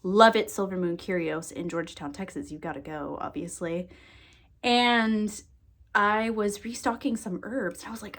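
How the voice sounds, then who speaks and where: A woman psychic and energy worker chatting casually to camera, expressive, laughing and swearing freely. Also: medium pitch, moderate pace. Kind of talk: casual to-camera vlog chat.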